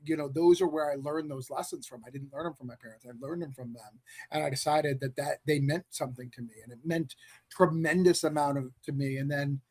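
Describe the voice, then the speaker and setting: A man from New Hampshire in casual chat, teasing with deadpan sarcasm before turning to a personal story. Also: a little high, a little fast.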